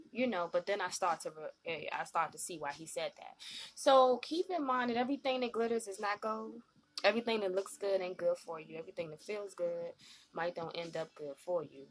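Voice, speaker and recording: A woman hosting a live-stream talk show, animated and slangy, often acting out what other people said. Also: mid-range voice. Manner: animated, slangy, acts out quoted voices.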